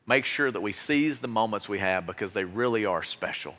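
A man's voice: fairly low pitch, lively intonation, brisk, a bit bright. A man preaching as pastor, giving an earnest, heartfelt exhortation to his congregation in a church. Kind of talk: sermon. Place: church sanctuary. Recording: long reverb of a large hall.

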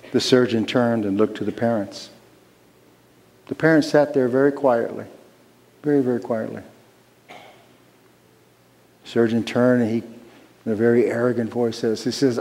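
Male pastor, sermon, slow emphatic delivery, long reverb of a church hall. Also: mid-range voice, steady tone, gravelly, darkish tone. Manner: slow, emphatic preaching with repeated phrases.

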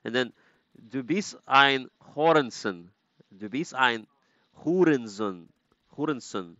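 Man, gamer streamer, slow unhurried speech, dull lo-fi audio, casual and playful. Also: medium pitch, animated, sharp tone, no echo. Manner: playful, repeating foreign words to practice. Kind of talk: casual gaming live-stream chat.

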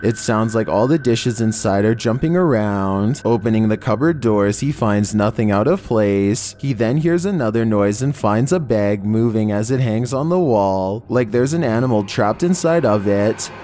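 Male narrator, deep-ish voice, dark mellow tone, steady ominous scripted narration, slow drawn-out titles. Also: faint music behind. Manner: measured, ominous delivery with slowed, drawn-out titles. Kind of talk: scripted horror countdown narration.

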